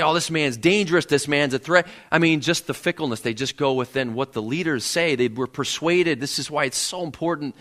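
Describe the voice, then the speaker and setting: Earnest preaching man, fairly high voice. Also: a bit bright. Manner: earnest, repeats words when building a point. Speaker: pastor. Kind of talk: sermon. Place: church sanctuary.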